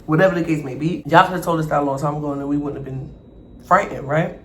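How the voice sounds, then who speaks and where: A man vlogger telling a storytime over an eating show, animated and acting out the people in his story. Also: fairly high pitch, fast talker. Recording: echoey room, faint background noise.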